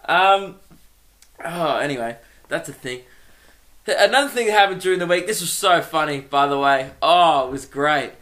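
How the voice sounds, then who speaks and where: A man's voice: fairly high pitch, normal speed, a bit bright. A young man hosting a solo comedy podcast, rambling and self-mocking and laughing at his own jokes.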